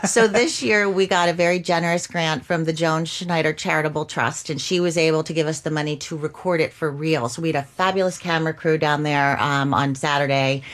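A woman's voice: sits low, steady tone, fairly quick, hardly any pauses. A woman from a museum talking in an interview, explaining things with enthusiasm. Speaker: museum representative. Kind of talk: casual interview chat.

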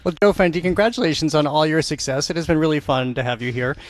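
A man's voice: fairly high pitch, fast talker. A man hosting a radio culture show, interviewing a guest in an easygoing way and laughing along with him. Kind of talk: conversational interview.

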